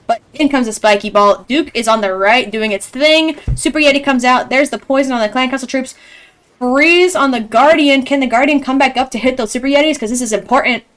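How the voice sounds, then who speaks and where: An excitable young woman calls a competitive match live. Her voice sits a little high, and she chats freely between plays as she reacts to each attack. She sounds close on a headset mic. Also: clean tone. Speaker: esports caster. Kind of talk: live game commentary.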